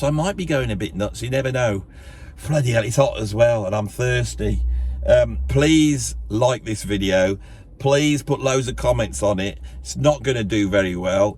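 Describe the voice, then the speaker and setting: A middle-aged man talks outdoors in hot sunshine, signing off his vlog in a loose, rambling way. He sounds tired from the heat and mocks himself as he goes, his voice often leaping up in pitch. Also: a little hiss or hum. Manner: rambling, self-mocking, chatty, with sudden high jumps in pitch. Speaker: YouTuber.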